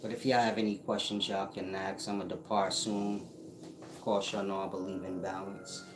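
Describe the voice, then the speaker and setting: A man's voice: low-pitched, little pitch movement, normal speed, noisy background. A man, hosting a casual livestream, answering chat in a blunt, mocking, profane way. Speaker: livestream host reading chat. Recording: roomy with loud music behind.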